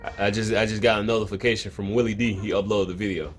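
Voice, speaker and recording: Speaking quickly in a low, steady voice, a man records a home video with his cat nearby, and slight background noise can be heard. As the online video host, he rambles through crude, comedic commentary and frequently abandons thoughts halfway.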